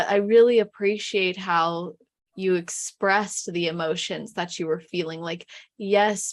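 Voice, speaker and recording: A woman hosting an interview, asking questions and reflecting back in a measured, affirming way. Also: fairly low pitch. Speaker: podcast host, interviewer.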